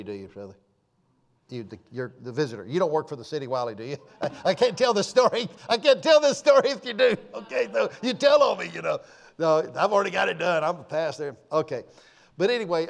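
A pastor, a man, telling a folksy, animated story in a sermon and acting out the people in it. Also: a little high, vocal fry.

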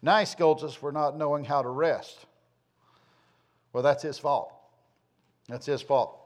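A man's voice: fairly high pitch, a bit bright. A man preaching a sermon, a folksy, rambling storyteller who repeats phrases for emphasis. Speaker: pastor.

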